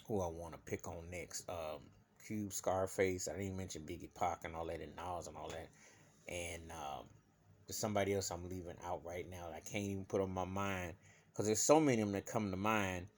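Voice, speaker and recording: A man vlogging an emphatic opinion rant, swinging from loud outbursts to low muttering. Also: fairly even intonation, normal speed, a little hiss or hum.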